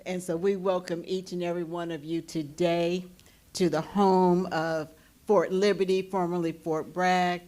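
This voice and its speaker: Woman, middle-aged, low-pitched, folksy and enthusiastic, welcoming a forum crowd. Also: level tone, a little slow, dark tone. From North Carolina. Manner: enthusiastic, repeats words, folksy. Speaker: commissioner giving a welcome. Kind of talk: public welcome speech. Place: forum hall at a college.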